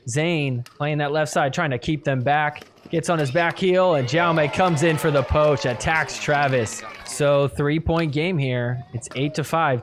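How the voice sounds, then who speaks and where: A man hosting a podcast, casually talking through match replays play by play and getting excited at big points. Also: a little high, a little hiss or hum. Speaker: podcast host recapping matches. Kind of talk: play-by-play video recap commentary.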